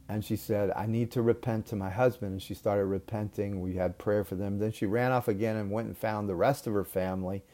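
A middle-aged man delivers a sermon in a low, mellow voice. He tells a personal story earnestly, pausing to restart his phrases as he goes. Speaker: preacher.

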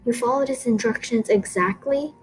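A woman voicing an even-tempered woman teacher who asks measured questions, in a storybook reading. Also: a little high, faint music behind, natural voice. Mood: questioning.

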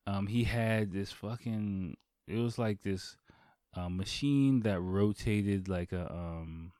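A man with a low voice tells a long personal story as a podcast host. He rambles, swears casually and restarts his sentences. The recording is dry and close, with no room sound. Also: slow, warm tone, no room sound. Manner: rambling and profane, lots of fillers and restarts.

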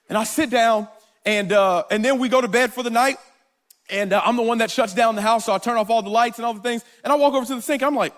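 High-voiced pastor preaching a playful sermon. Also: male voice, fast talker, a bit bright. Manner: playful, storytelling, talks straight to the congregation. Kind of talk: live sermon. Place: church in front of a congregation.

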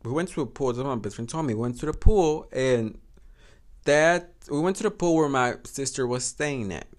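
Young man, middle pitch, very lively intonation, casual storytelling, swears freely. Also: moderate pace. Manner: animated, swearing, code-switching Spanish words, laughing often. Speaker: podcast host.

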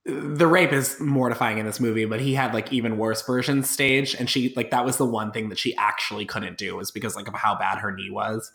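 A man chatting casually on a podcast about a film, wry and drawn-out, trailing off into low asides. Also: fairly even intonation, vocal fry, fairly bright tone. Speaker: podcast co-host. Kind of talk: casual film-discussion chat. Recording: roomy echo.

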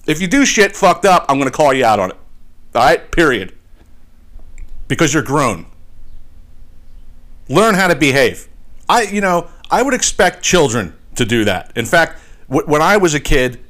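A man's voice: fairly high pitch, big pitch swings, normal speed, long pauses, a bit bright. A man hosting a podcast, telling a story as a heated, profane rant that repeats itself as he talks. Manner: heated, swearing, repeats himself. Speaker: podcast host. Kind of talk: profane ranting monologue.

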